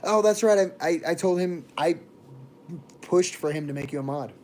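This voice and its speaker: A man's voice: a little high, fairly even intonation, normal speed, a little mellow, slight background noise. A young man from Texas and Florida, chatting casually on a livestream and greeting viewers by name. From born in Texas, raised in Florida.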